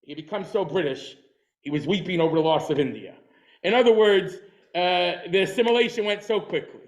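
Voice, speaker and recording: A man's voice: high-pitched, brisk, rough recording. A man lecturing a class on history, telling stories and jokes along the way and often restarting his sentences. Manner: storytelling with jokes and acted quotes; repeats and restarts words. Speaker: teacher.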